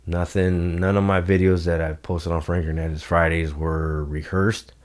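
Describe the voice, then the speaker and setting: Deep male guest, loose and profane, tells stories with big swings in energy. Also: normal speed. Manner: loose, profane, animated storytelling. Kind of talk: casual storytelling.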